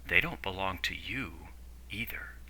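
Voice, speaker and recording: A man's voice: low voice, animated, measured pace, pushed and bright, husky, full character voice. A man voicing a defiant young man held captive who fires off questions. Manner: demanding, questioning.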